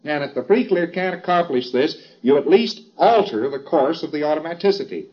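A man's voice: fairly high pitch, lively intonation, fairly quick, slightly rough, highs cut off. A man giving an informal lecture in a wry, chatty way, with emphatic asides.

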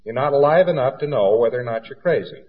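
A man's voice: medium pitch, lively intonation, fast. A man giving a lecture in an emphatic, folksy way and acting out little anecdotes. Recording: dull lo-fi recording in a reverberant hall.

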